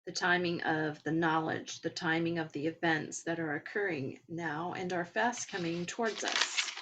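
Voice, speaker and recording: A woman hosting a podcast, talking in a gentle, encouraging and rambling way as she comments on spiritual topics. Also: deep voice, steady tone, normal speed, background noise. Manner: rambling, with filler words. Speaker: podcast host.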